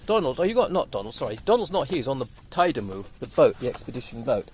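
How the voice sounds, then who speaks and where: A man in his fifties, rambling and excitable in a casual monologue, speaking through a cold. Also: medium pitch, fast, a little hiss or hum. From Wales. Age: 50s. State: has a cold. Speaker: vlogger. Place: indoors, sunny room.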